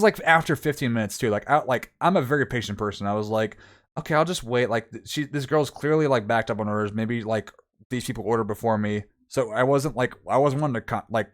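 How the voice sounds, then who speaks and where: A young man streamer telling a long story in casual chat, rambling with many fillers and acting out what people said. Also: medium pitch.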